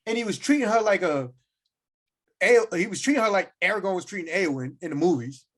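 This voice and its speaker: A man's voice: high voice, animated, brisk, a bit bright. A man co-hosting a podcast, ranting in casual slang and acting out quoted lines. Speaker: podcast co-host. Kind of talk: casual chat.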